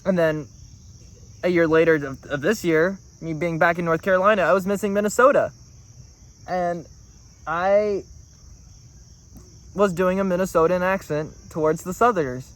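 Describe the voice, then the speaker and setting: A man's voice: sits high, normal speed, long pauses, a bit bright. A man talking to the camera in a rambling, earnest monologue. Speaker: vlogger.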